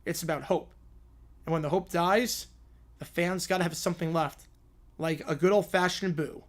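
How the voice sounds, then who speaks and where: A man's voice: on the high side, fairly even intonation, normal speed, lightly acted. A man voicing an earnest older country lawyer, speaking in a folksy Southern drawl as he speechifies to a jury. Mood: sentimental. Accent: Southern US, put on.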